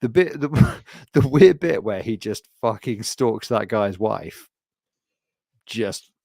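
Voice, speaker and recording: A man's voice: on the low side, animated, slow pace, vocal fry, dark tone, no echo, clean studio sound. A man co-hosting a podcast in casual chat, rambling with lots of "like" and swearing. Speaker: podcast co-host.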